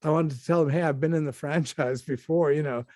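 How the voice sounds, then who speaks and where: An older man tells stories as an interview guest, restarting his sentences and acting out what other people said. His voice sits a little high for a man. The recording is dry and close, with no room sound. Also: brisk, no echo. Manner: animated anecdotes with many restarts and acted-out quotes. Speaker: actor guest. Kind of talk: casual interview storytelling.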